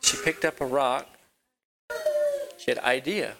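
Halting man telling kids a Bible story. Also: medium pitch, creaky, very noisy. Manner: halting, repeats words, asks the kids questions. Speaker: children's teacher. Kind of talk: children's Bible lesson. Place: rural property with a barn.

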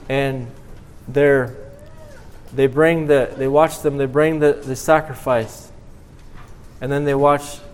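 A man preaching a sermon in a halting way, repeating words and then swelling with emphasis. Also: medium pitch.

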